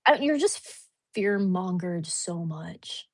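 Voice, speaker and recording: A woman's voice: lowish voice, expressive, slow, darkish tone, dry recording. Earnest woman in dry close audio. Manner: earnest and emphatic, building an argument. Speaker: co-host in a conversation. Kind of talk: casual chat.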